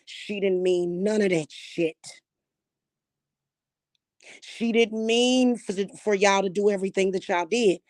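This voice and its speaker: A woman vlogger ranting angrily to her viewers, swearing heavily, repeating insults and rising to shouts. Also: mid-range voice, takes it slowly, pauses often, dry recording, studio quality. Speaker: spiritual vlogger. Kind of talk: angry rant to camera.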